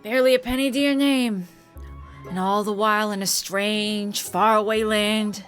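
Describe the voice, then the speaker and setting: A woman's voice: mid-range voice, steady tone, normal speed, fairly bright tone, soft background music, close to an everyday voice. A woman voicing a shady old male mobster with a put-on New York accent, slangy and wheedling, in a game let's play.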